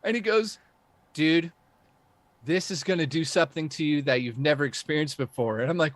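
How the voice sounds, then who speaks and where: Casting note: Canadian man, higher-pitched, animated storyteller, swears freely, dry close mic. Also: brisk, no echo. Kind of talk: casual livestream chat.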